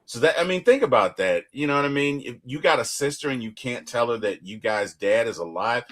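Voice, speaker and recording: A man's voice: mid-range voice, lively intonation, brisk, fairly bright tone. A man co-hosting a TV reaction show, talking in a casual, emphatic way and often repeating words as he restarts.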